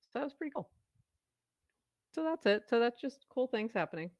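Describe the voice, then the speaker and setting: A woman co-hosting a casual chat, giving quick upbeat recaps with laughter. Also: on the high side, sing-song, no room sound. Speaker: co-host. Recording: dull dry home mic.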